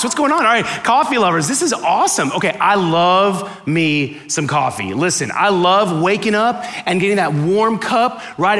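A high-pitched man from Miami delivers a lively, joke-filled sermon in a church auditorium. He acts out little exchanges with different voices, playing to a live crowd. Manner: animated, joking, acts out dialogue. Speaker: guest preacher. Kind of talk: sermon with comic storytelling.

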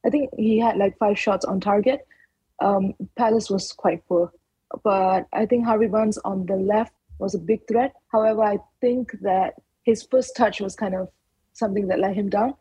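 A woman on a football panel, giving even, thoughtful analysis of a match. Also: mid-range voice, normal speed, breathy edge, no echo, rough recording.

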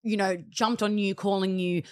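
A woman's voice: mid-range voice, steady tone, moderate pace, clear, resonant tone. A woman co-hosting a podcast, frank and teasing, swearing freely in casual chat. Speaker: podcast co-host.

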